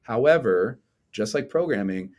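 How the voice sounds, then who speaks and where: A man in his forties, a coach and lecturer, talking in a casual interview with an animated manner and frequent tag questions. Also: medium pitch, normal speed. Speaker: strength coach and lecturer, podcast guest.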